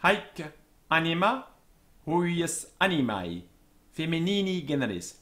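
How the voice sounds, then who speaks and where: A man teaching Latin vocabulary, slowly pronouncing and repeating each word with careful pronunciation notes. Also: medium pitch, sing-song. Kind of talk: slow vocabulary lesson with repeated Latin words.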